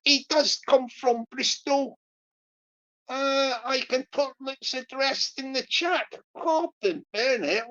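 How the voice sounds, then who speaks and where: A woman hosting a livestream, rambling and repeating herself as she mock-scolds and gives shout-outs. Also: sits high, takes it slowly, highs cut off. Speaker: livestream host.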